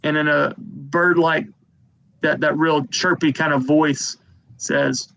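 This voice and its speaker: Higher-voiced man running a tabletop game. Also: steady tone, slow, gravelly, fairly bright tone, poor audio. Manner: rambling descriptive narration with many fillers. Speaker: game master.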